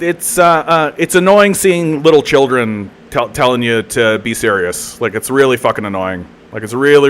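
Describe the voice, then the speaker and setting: A man's voice: medium pitch, fairly bright tone, slight background noise. Profane ranting Canadian man streamer. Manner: profane, heated, mocking, lots of filler and repeats. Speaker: political commentary streamer. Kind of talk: live-streamed political rant.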